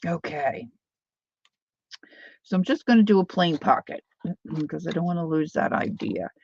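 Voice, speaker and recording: A woman's voice: on the low side, expressive, measured pace, gravelly, a little mellow, slightly rough, muffled recording. A woman hosting a live crafting stream, chatting casually and thinking aloud while she works, with playful sound-words. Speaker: crafting livestream host.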